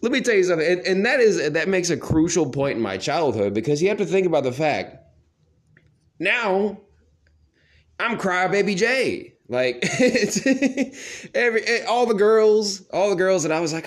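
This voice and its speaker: A man's voice: fairly high pitch, animated, normal speed. A young man telling a personal story in a loose, profane way and laughing at himself. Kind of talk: casual storytelling monologue.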